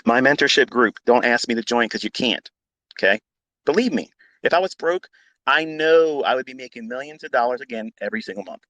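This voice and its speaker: A man who mentors traders, talking live to an online audience. He is blunt and combative, swears freely and hammers his points through repetition. His middle-pitched voice sits close and dry on the mic. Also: expressive, fairly quick, sharp tone, no echo. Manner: blunt, profane, combative, repeats himself for emphasis. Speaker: trading mentor. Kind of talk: live audio-room monologue.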